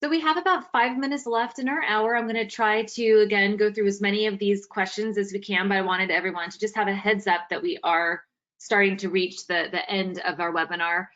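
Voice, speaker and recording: Brisk female webinar moderator; lo-fi video call sound. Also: medium pitch, fairly even intonation, a bit bright. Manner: brisk and organized, calls on callers by name. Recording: dull lo-fi video call audio.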